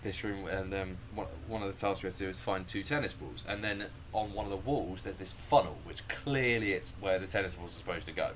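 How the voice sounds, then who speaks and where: A man telling a story casually, animated and sweary, often laughing and acting out the scenes. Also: deep voice, brisk, hardly any pauses, a little hiss or hum.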